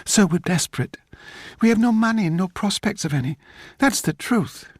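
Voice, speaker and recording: A man voicing a saucy, quick-tempered young wife with a brash, cheeky manner. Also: expressive, dry recording, studio quality. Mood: pleading. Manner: brash, cheeky, shrill when angry.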